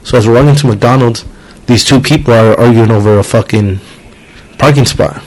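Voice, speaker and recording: A man's voice: mid-range voice, moderate pace, darkish tone, low-quality recording. A man hosting a podcast in casual chat, rambling and cursing freely while acting out the people in his stories. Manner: rambling, swears freely, acts out quotes. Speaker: podcast host.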